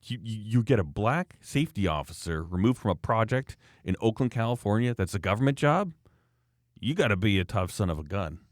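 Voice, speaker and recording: A blunt, emphatic man talks in a casual podcast chat, his voice sitting on the lower side. The sound is dry and close, with no room around it. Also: sing-song, fairly quick, no room sound. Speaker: podcast host, former project manager.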